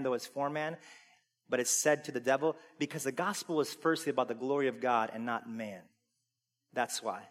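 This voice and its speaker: A man preaching a sermon to a congregation. He asks them questions and climbs from easy conversation to loud, full-voiced preaching. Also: a little high. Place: church sanctuary. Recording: long reverb of a large hall.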